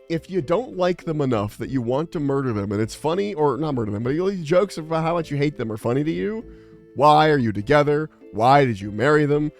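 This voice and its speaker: A young adult man streaming, chatting casually in a rambling, exasperated, profane way. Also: a little high. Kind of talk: casual livestream chat.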